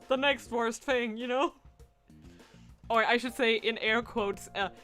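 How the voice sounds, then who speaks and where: A giggly, excitable woman streamer, her voice sitting on the high side. She chats casually to her viewers while she plays. Light music runs behind her. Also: measured pace. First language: Danish. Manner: giggly, excitable, talking to chat. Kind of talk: casual game playthrough chat.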